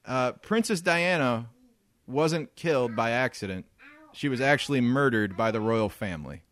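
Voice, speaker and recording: A man's voice: medium pitch, normal speed. A man co-hosting a casual podcast, ranting and laughing as he leads the topics. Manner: ranting, laughs often, animated. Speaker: podcast co-host leading topics.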